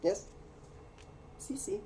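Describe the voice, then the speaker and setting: A woman's voice: very slow, background noise. A woman opening trading card packs in casual chat, joking around in clumsy French. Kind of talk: casual box-break chat.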